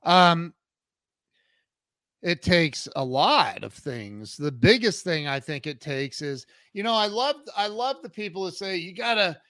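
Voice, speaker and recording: Guest spot: a high, bright-voiced man, animated storyteller, recorded close and dry. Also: a little slow, no echo. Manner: animated storyteller, acts out quotes. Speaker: guest, entrepreneur and coach. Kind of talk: casual podcast interview.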